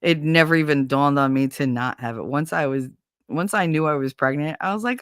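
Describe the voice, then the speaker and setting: On a laid-back livestream, a middle-aged woman chats with viewers through a story packed with laughter, cursing and performed quotes. She speaks fairly quickly in a low voice, captured as clean studio sound without any room noise.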